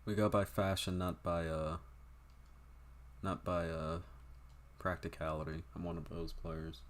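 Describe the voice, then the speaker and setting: Very low-voiced young man chatting offhand. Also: little pitch movement, a little slow. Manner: rambling, profane, offhand. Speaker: game streamer. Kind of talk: casual livestream chat.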